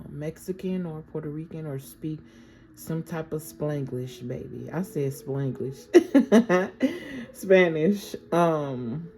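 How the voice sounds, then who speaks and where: Low, mellow-voiced woman doing a tarot reading. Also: creaky, slight background noise, low-quality recording. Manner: chatty, affirming, checks in with "okay?". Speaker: tarot reader. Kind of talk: casual spiritual tarot reading.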